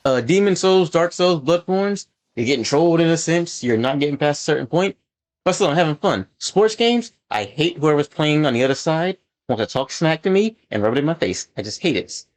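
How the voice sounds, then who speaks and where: A man's voice: on the high side, fairly quick. Rambling, casual male gamer. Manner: rambling, filler-heavy, animated when annoyed. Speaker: gaming channel host. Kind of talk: casual gameplay commentary.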